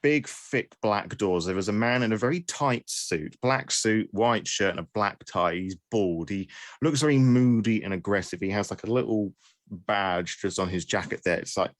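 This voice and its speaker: A man's voice: fairly low pitch, moderate pace, dry recording. A man narrating as game master, wry and self-mocking, with frequent restarts.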